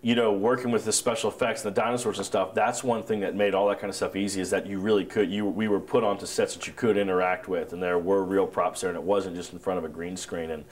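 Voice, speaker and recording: Really deep-voiced guy chatting in an interview, relaxed and rambly, keeps restarting sentences. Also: quick pace, hardly any pauses. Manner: laid-back, rambling with repeated restarts. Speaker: actor interviewed about his film. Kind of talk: casual interview chat.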